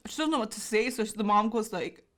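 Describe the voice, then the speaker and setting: A woman's voice: fairly high pitch, lively intonation, quick pace. Emotional woman gushing through a reaction. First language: Korean. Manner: emotional, gushing, many fillers. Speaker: YouTube host. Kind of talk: casual reaction commentary.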